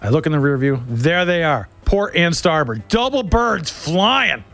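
A middle-aged man hosting a show, telling a comic story in an animated way and laughing through it. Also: a little high, a little slow, vocal fry, soft background music.

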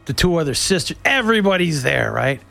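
A middle-aged man hosting a show, telling a comic story in an animated way and laughing through it. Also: fairly high pitch, brisk, creaky, soft background music.

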